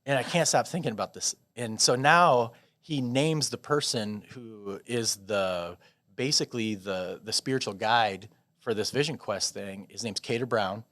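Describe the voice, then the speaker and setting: A man from Des Moines, Iowa, a podcast guest telling a long personal story in a rambling, animated way with frequent restarts. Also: fairly low pitch, measured pace, dry recording. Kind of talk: casual storytelling interview.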